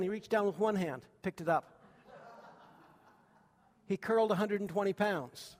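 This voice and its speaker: A man's voice: high-pitched, normal speed, pauses often, long reverb tail. A man preaching a sermon to a congregation, telling childhood stories in a folksy way with many fillers and questions to the room. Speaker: pastor.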